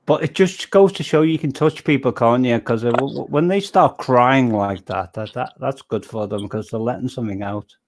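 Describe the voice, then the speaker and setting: Brief: male stream host, mid pitch, loose rambling delivery, jokes at his own expense. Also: normal speed, hardly any pauses. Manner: rambling, self-deprecating, jokey. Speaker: livestream host. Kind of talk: casual chat.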